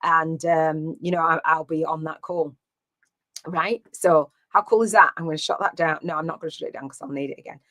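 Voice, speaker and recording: A woman's voice: deep voice, fairly even intonation, fairly quick, fairly bright tone, no echo. A woman coaching live on a stream, chatty and rambling with many fillers and restarts. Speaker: business coach.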